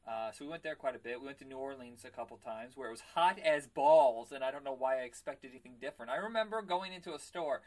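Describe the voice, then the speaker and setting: A man in a casual chat, trading stories with frequent laughs and loud, acted-out quotes. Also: medium pitch, fast talker, few pauses. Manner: animated, laughs often, acts out quotes loudly.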